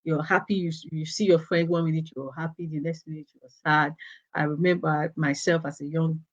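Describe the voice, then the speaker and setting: Woman giving gentle advice talk, lo-fi. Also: low-pitched, steady tone, a little fast. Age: adult. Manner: gentle, repetitive, with frequent restarts and "you know". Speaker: host of a girls' talk channel. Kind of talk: casual advice talk to teenage girls.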